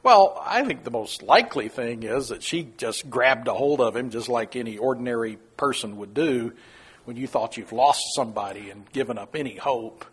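Husky guy explaining scripture, laughs a lot, voice bounces all over. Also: lively intonation, moderate pace. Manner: folksy, chuckling, acts out quoted lines in a high voice. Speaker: Bible teacher. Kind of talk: casual Bible study teaching.

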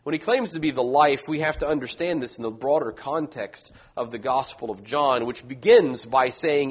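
A man preaching a Bible teaching, emphatic, rising loud on key points and falling low and quiet at the ends of phrases. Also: normal speed, hardly any pauses, husky. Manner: emphatic, swelling louder on key points then dropping low.

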